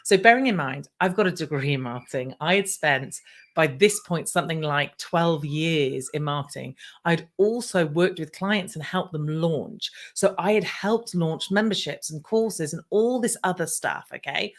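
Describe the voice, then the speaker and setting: A woman's voice: deep voice, normal speed. A middle-aged woman from the UK with a British accent, a podcast guest telling her own story casually and acting out past conversations. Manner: animated, acts out her own past dialogue.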